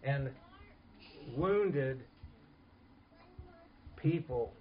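A man preaching a sermon in an earnest, emphatic way, dropping to soft asides. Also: mid-range voice, animated, extremely slow, lo-fi sound, a little hiss or hum. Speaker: pastor.

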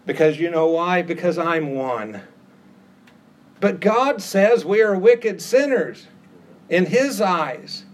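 A man's voice: sits high, expressive, slow. A middle-aged man preaching a sermon with an emphatic, repetitive cadence that rises on key phrases.

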